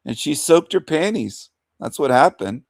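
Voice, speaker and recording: A man's voice: a little high, big pitch swings, a little slow, gravelly, dry recording, studio quality. A man hosting a livestream rant in a mocking, taunting manner, chuckling between insults. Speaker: livestream host.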